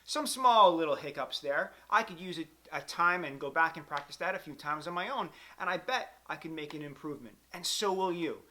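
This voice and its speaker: A man's voice: fairly high pitch, expressive, a little fast, hardly any pauses. A man teaching a clarinet lesson, counting beats aloud in a patient, encouraging way. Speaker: music teacher.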